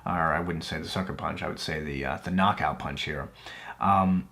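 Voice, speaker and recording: A man hosting a video review, talking casually about a scripture passage and filling pauses with lots of "you know" and "uh". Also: rumbling low, creaky, a bit bright. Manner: conversational, many fillers like "you know" and "uh". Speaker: YouTube host reviewing Bible books. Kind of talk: casual video commentary after reading scripture aloud.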